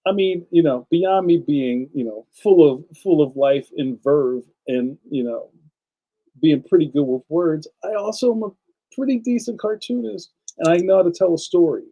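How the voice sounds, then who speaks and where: Enthusiastic chatty man, mellow higher voice. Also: normal speed, dull audio. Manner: enthusiastic, chatty, speaks straight to viewers. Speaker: livestream host and cartoonist. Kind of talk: casual livestream chat.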